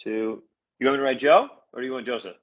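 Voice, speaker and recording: A man guest chatting casually, animated and enthusiastic, laughing often. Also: medium pitch, quick pace, highs cut off. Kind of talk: casual chat.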